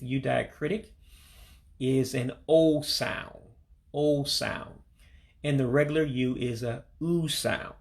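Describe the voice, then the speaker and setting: Gravelly man teaching words slowly. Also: mid-range voice. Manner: slow, repeats each word for practice. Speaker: language learner teaching vocabulary. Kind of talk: casual spoken language lesson. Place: back room at home.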